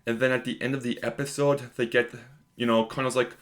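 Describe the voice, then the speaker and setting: A young man at an average pitch talks straight to the camera in a casual video review. He is emphatic and conversational and leans on fillers as he makes his points. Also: little pitch movement, brisk. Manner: emphatic, conversational, lots of "like" and "you know".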